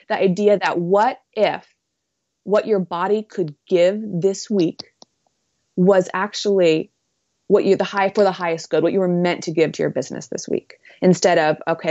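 A woman's voice: fairly low pitch, darkish tone, dry recording, muffled recording. A woman speaking as an interview guest, earnest and reflective, with many fillers. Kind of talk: conversational interview.

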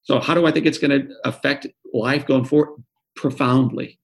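A man's voice: mid-range voice, steady tone, normal speed, gravelly. A man in his forties, an author being interviewed, who answers with earnest, vivid anecdotes and often repeats words. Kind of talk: interview conversation.

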